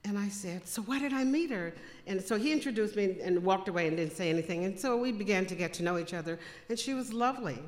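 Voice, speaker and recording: A woman's voice: fast talker, hardly any pauses. A woman speaking to a congregation, telling personal faith stories and acting out the dialogue with big jumps in voice. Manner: animated, acts out quoted dialogue with big pitch jumps. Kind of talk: testimony storytelling to a congregation. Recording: echoey hall with long reverb.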